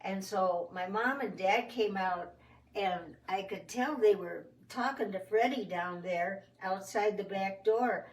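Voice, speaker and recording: A woman telling a children's story in a folksy, expressive first-person way. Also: medium pitch, slow, recorded from a distance. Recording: roomy sound from off the mic.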